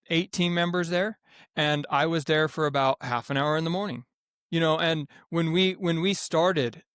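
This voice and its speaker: A man with a fairly high voice talks through how his greenhouse farm runs, restarting his sentences and going lively when he acts out what others say. The sound is dry and close, with no room around it. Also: no room sound. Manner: rambling, many restarts, animated when quoting others. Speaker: greenhouse farm owner, guest. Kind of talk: casual podcast interview.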